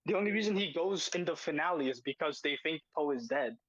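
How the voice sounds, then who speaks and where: A podcast host with a slightly high, bright, animated voice talks fast in a casual chat, arguing emphatically and repeating phrases as he reacts to a video. The sound is lo-fi.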